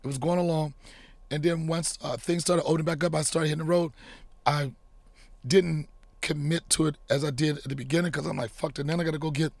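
Gravelly-voiced man telling stories. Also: on the high side, a little fast, no room sound. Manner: animated, profane, acts out quotes. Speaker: podcast guest, comedian. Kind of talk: casual storytelling chat.

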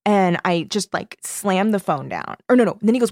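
A young woman co-hosting a podcast tells a story in casual conversation, animated and swearing freely. Her mid-range voice moves a little fast, captured in a dry recording with clean studio sound.

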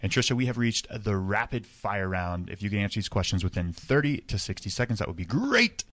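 Low-voiced male podcast host. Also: very animated, fairly bright tone, no echo. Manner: brief supportive reactions, quick when reading questions. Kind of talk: casual interview.

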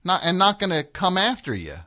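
A man's voice: sits high, very animated, a little fast, bright, forceful tone. A man hosting a comedic call-in radio show, dry and skeptical with short replies. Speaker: radio host.

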